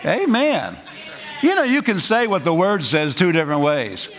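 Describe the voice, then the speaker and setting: A man preaching a lively sermon in a folksy way, laughing often and acting out voices. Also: high voice, moderate pace. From rural United States. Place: church. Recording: congregation responding.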